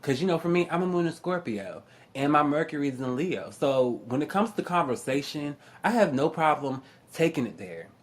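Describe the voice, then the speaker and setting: A man's voice: a little high, big pitch swings, moderate pace. A young man telling stories in a casual, profane rant, often laughing and mimicking other people's voices. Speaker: astrology YouTuber.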